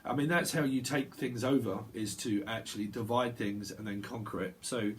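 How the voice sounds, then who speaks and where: A man's voice: fairly low pitch, normal speed, a little hiss or hum. A man giving a solo tarot reading, talking in a loose stream of consciousness, repeating sounds and laughing to himself. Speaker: tarot reader. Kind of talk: rambling intuitive tarot monologue. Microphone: solo video recording.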